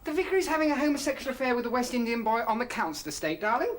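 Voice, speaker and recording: A comedy performer playing a henpecked sitcom husband who grumbles deadpan and barks a catchphrase. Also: medium pitch, rapid-fire, noisy background, pitched above the performer's own voice, natural voice. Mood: grumbling. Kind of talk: sketch comedy parody acting.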